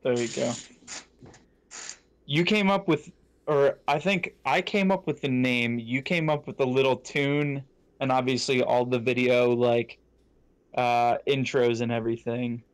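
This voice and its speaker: A young man with an average-pitched voice, chatting on a casual podcast. He keeps things playful and teasing and is eager to cut in with a joke. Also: steady tone, measured pace, clean tone. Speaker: podcast co-host.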